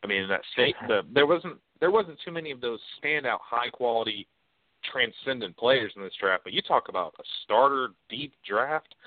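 A man hosting casual sports chat, laid-back and opinionated. His voice is mid-pitched and comes over a dry, tinny phone-like line. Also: animated, moderate pace, dry recording. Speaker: host.

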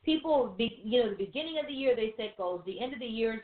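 Woman, casual preacher, rhetorical questions, phone-like sound, echoey room. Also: medium pitch. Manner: animated, rhetorical questions, quick asides and laughs. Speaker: co-host of a Christian teaching show. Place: room with a few listeners behind the cameras.

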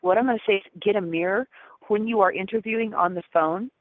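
A woman's voice: medium pitch, fast talker, dry recording. Chatty woman psychic on a phone line. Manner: chatty, laughing, full of fillers. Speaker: psychic guest. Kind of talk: casual reading on a call-in show.

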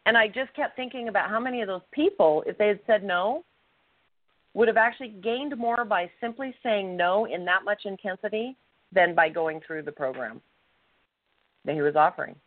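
A woman co-hosting a podcast, telling a personal story with animated, acted-out quotes. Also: mid-range voice, normal speed, no echo. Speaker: podcast co-host. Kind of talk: casual storytelling. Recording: tinny phone-line sound, dry.

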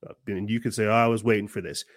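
A man's voice: on the low side, steady tone, fast, no echo, studio quality. A man hosting his own podcast, delivering an earnest, fiery, preachy monologue full of restarts. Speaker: podcast host. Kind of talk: impassioned monologue.

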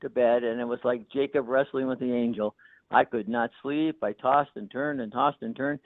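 A man's voice: mid-range voice, fairly even intonation, normal speed, no room sound. A pastor in his sixties tells a personal story in an interview, chuckling between phrases and often saying "you know". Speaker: pastor and author. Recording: tinny phone line, dry.

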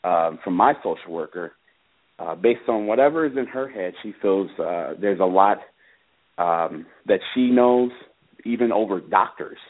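A man with a fairly low voice calls in over a thin, tinny phone line. He speaks earnestly and haltingly, with plenty of ums and uhs, as he recounts what happened to him. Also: lively intonation. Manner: earnest, halting, many fillers. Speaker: father calling in about his case. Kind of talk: personal account on a call-in radio show.

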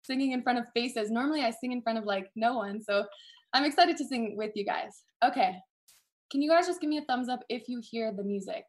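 A woman on a video call, sharing warmly and apologizing nervously as a guest, then singing her own song. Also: on the high side, fairly quick. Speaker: guest singer-songwriter. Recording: backing music playing. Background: backing music.

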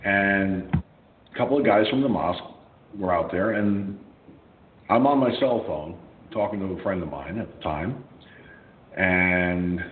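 A man hosting a radio show, telling a story in a blunt, profane, animated way. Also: deep voice. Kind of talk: casual storytelling. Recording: echoey tinny phone-like line with faint hum.

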